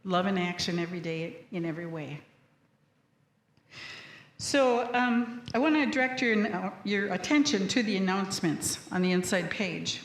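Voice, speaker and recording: A woman's voice: medium pitch, animated, normal speed. Woman minister in an echoey church. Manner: warm, welcoming, leads congregation in group reading. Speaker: minister leading service. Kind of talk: church service address. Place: church sanctuary.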